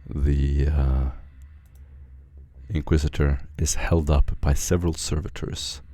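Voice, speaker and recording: A man narrating a tabletop game as game master, describing scenes slowly with many fillers. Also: rumbling low, flat delivery, warm tone, no room sound.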